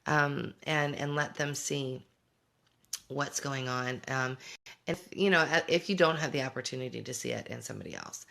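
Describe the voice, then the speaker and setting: Her voice sits low and creaky, though fairly bright in tone. This middle-aged homeschooling parent hosts a relaxed livestream, musing aloud and answering comments from viewers as they come in.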